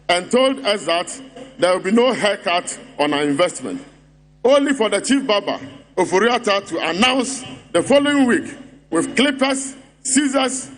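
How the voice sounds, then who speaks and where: With a Ghanaian English accent and a high, slightly bright voice, a man gives a rally speech at a party congress. His delivery is mocking and rhetorical, and he hammers his points home through repetition.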